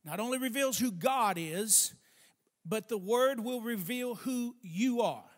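A man preaching a sermon, speaking emphatically, stretching key words slowly and calling for responses from the congregation. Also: extremely high pitch, expressive. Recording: long hall reverb.

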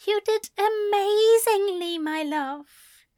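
A woman's voice: extremely high pitch, slow pace, a little mellow, dry recording, clean studio sound, pitched above the performer's own voice. A woman voicing a tender, weepy male angel who gushes breathlessly, in a fan fiction reading. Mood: gushing, tearful. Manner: breathless, gushing, tearful. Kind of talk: fan fiction read aloud.

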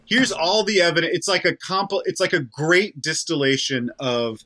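Excitable swearing guy, kinda high, sharp bright voice. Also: moderate pace. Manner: excitable, swears a lot, laughs often. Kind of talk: casual chat.

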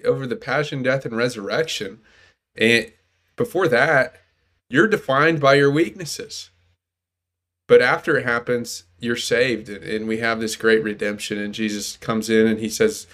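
A man's voice: mid-range voice, normal speed, fairly bright tone. A young man co-hosting a casual faith podcast, rambling and restarting his sentences. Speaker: podcast co-host. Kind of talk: casual chat.

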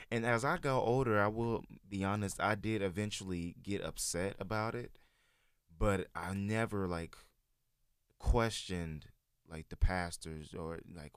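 Deep-voiced man telling a slow, rambling story. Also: no room sound, clean studio sound. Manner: relaxed, rambling storyteller with many fillers. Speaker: guest sharing his church experience. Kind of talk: casual chat.

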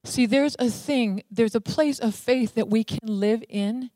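A woman's voice: on the high side, measured pace, dark tone, no echo. A woman preaching a sermon, emphatic, dwelling on single words and repeating them for weight.

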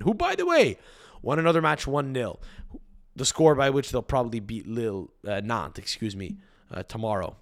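A man talks through a solo podcast in a loose, conversational way. He wanders from point to point, swears casually, and keeps circling back to repeat or restart his sentences. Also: lowish voice. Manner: rambling, profane, repeats and restarts phrases. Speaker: podcast host.

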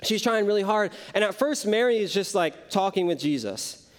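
A man's voice: high-pitched, lively intonation, normal speed. A young man preaching a casual sermon, telling the story conversationally with frequent asides to the listeners. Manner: conversational, many "like" and "right?" asides. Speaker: youth preacher.

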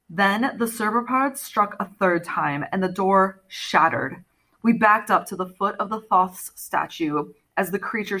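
Bright, lively woman reading a story aloud. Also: medium pitch, breathy edge. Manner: expressive storytelling, voicing characters. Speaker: audiobook reader. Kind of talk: audiobook narration.

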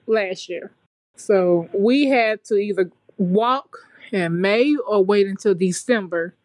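A young adult woman telling a story in a relaxed, chatty way, as a podcast guest. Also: mid-range voice, no room sound. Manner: relaxed, chatty and colloquial, with frequent fillers. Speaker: podcast guest, nursing graduate. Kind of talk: casual storytelling chat.

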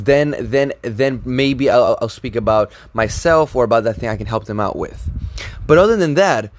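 A man co-hosting a podcast, giving social advice in a casual, animated and rambling way. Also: mid-range voice, slight background noise. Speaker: podcast co-host.

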